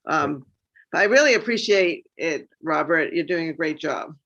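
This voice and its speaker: A woman's voice: low-pitched, animated, measured pace, gravelly, a bit bright, highs cut off. A woman artist explaining her painting process in a thoughtful, explanatory way over a video call. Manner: thoughtful, explanatory, many fillers. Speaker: painter in the exhibition. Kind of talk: casual video-call discussion.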